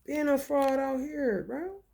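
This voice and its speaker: Woman w/ aave ranting, kinda high gravelly voice, blunt and cussing a lot. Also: slow, a little hiss or hum. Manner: blunt, profane, animated storytelling with rhetorical questions. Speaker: vlogger. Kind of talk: casual venting monologue.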